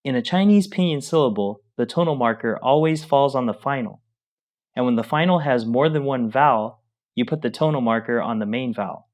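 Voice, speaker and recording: A man co-teaching a Mandarin pronunciation lesson, explaining the rules calmly and in a friendly way. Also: medium pitch, brisk.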